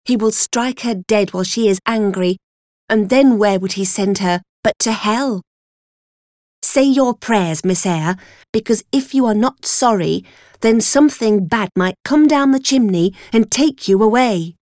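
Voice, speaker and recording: A woman's voice: medium pitch, a little slow, a little mellow, dry recording, clean studio sound, natural voice. A woman reading as a stern, harsh servant woman. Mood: scolding. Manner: harsh, moralising. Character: stern adult female servant scolding a child.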